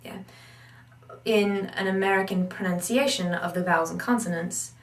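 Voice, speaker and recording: Woman accent coach, casual and animated, mic set back in a roomy space. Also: mid-range voice, normal speed, far from the mic. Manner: animated, breaks into sung syllables and mock accents to demonstrate. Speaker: accent and dialect teacher. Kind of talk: casual spoken lesson.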